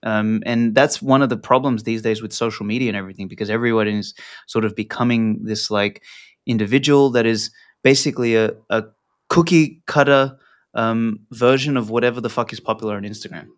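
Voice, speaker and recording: A man's voice: fairly low pitch, fairly even intonation, brisk. Blunt, rambling man in an interview. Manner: rambling, filler-heavy, blunt with casual swearing. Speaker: podcast guest. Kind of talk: casual interview talk.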